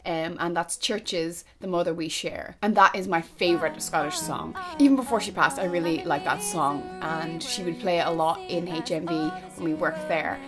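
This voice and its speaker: A woman's voice: on the low side, normal speed, hardly any pauses, soft background music. A young Irish woman chatting casually to camera as a vlogger, gushing and now and then dropping to a whisper. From Ireland.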